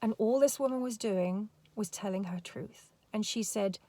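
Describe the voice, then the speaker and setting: A woman's voice: medium pitch, moderate pace, mellow, no room sound. A woman giving a rambling casual commentary with emphatic repetitions. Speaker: commentary vlogger.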